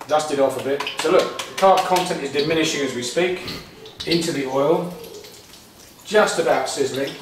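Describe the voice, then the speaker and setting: A home cook host from England, medium in pitch, talks casually through a cooking demonstration, rambling and often restarting. The kitchen is echoey and noisy, the mic is distant, and something sizzles in the pan.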